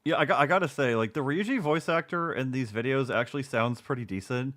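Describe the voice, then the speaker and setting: A man's voice: medium pitch, fairly quick, a bit bright, faint music behind. A male streamer gives live commentary over a video he is watching. He mocks it with sarcasm and frequent swearing. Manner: sarcastic, mocking, profane.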